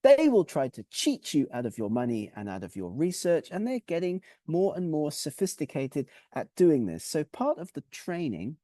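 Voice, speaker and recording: Male webinar presenter with a mellow tone and animated pitch, methodical and clear, dry close sound. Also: moderate pace, hardly any pauses, dry recording. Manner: clear, methodical explaining, with lists and recaps.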